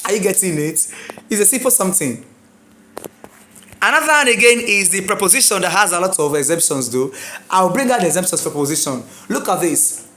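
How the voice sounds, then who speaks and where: A woman teaching an exam prep lesson, drilling words slowly, spelling them out letter by letter and checking in with her students. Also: fairly low pitch, expressive, fairly bright tone. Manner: checks in with listeners often. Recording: echoey room.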